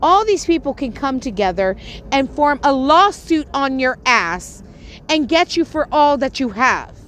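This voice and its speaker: Woman going off on a live stream, swearing a ton, kinda high voice. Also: big pitch swings, measured pace, a bit bright, a little hiss or hum. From Puerto Rico. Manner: profane, confrontational, scolding. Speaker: livestream host. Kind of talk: angry livestream rant.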